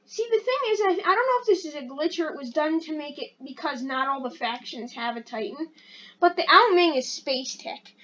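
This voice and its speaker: A high-pitched woman chatters through her gameplay, rambling and excitable, often poking fun at herself. Her casual commentary comes through a dull, lo-fi mic. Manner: rambling, excitable, self-deprecating. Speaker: gaming channel host.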